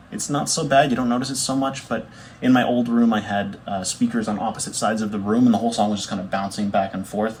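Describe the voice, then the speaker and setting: A young man, a bassist chatting casually to camera in a rambling, easygoing way with fillers and self-corrections. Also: slight background noise. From Canada. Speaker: bassist showing his record collection.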